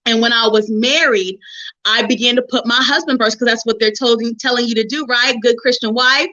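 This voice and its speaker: A middle-aged woman hosts a relationship call, talking in a lively, preachy testimony style and calling her listeners honey and sis. Her voice is high and bright. The sound is dull and lo-fi, like a call line. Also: fairly quick. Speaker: host of a relationship forum.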